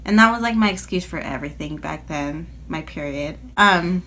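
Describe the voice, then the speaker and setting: A woman's voice: deep voice, moderate pace, sharp tone. Chatty woman rambling through a story. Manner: chatty, rambling, filler-heavy. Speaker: vlogger telling a personal story. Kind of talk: casual storytime. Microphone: phone.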